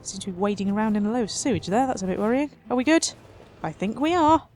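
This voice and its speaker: A woman's voice: mid-range voice, lively intonation, fast talker, darkish tone, slight background noise. A woman hosting a city-building let's play, chatting wryly and talking to her simulated residents as she builds. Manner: chatty, wry, talks to her sims. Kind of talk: casual game commentary.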